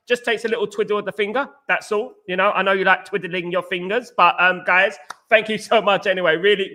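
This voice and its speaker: A man hosts a casual football fan show, his voice high and bright with a keen edge. He is animated and repetitive. He keeps calling his viewers guys. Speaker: fan channel host. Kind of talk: casual football chat livestream.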